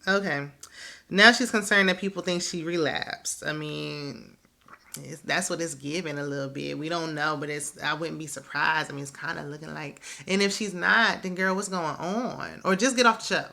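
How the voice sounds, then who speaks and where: A woman's voice: low voice, moderate pace, gravelly, sharp tone. A woman hosting a casual reality TV recap, chatty and opinionated, who laughs often.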